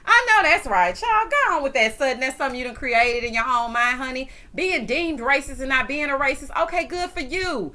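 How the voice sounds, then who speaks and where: Bright-voiced sassy woman recapping TV. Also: high-pitched, a little fast, hardly any pauses. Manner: sassy, animated, calls viewers honey and child. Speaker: TV recap vlogger. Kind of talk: casual reality-TV recap commentary.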